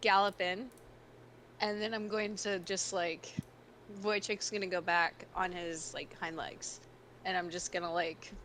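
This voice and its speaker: Excited woman player, slow speech. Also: lowish voice, slight background noise. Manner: excited, hesitant with many "like"s. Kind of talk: tabletop role-play.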